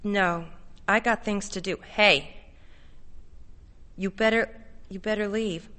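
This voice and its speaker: A guarded teenage girl who keeps her answers clipped and defiant, read by a woman storyteller. The voice is bright and close to the narrator's own. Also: mid-range voice, steady tone, slow.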